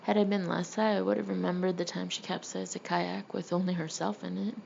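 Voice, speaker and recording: A woman narrating a first-person memoir as an audiobook, with wry, deadpan humor. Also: lowish voice, fairly quick, creaky, dull audio, slight background noise.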